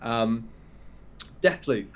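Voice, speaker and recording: A man in casual podcast chat, talking in a loose, rambling way. His voice sits at a middle pitch. A faint hiss runs under the recording. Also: very slow. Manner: chatty, rambling game rundown. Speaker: podcast co-host.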